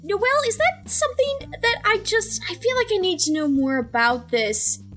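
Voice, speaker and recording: A woman's voice: extremely high pitch, expressive, normal speed, a bit bright, faint music behind, pitched above the performer's own voice. A woman voicing a flustered, polite adventurer who calls out uncertainly. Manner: flustered, calling out.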